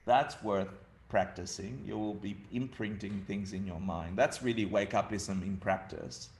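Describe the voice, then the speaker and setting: A man's voice: on the low side, unhurried, gravelly, darkish tone. A man in his fifties from Argentina giving a humorous dharma talk, telling family stories with frequent laughter. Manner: laughing, storytelling, chatty. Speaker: dharma teacher.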